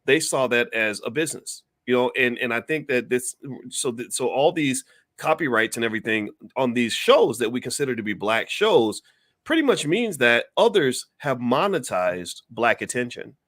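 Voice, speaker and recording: A man's voice: mid-range voice, big pitch swings, normal speed, a bit bright, no echo, studio quality. Opinionated man lecturing on a call. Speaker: guest commentator. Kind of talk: casual video-call conversation.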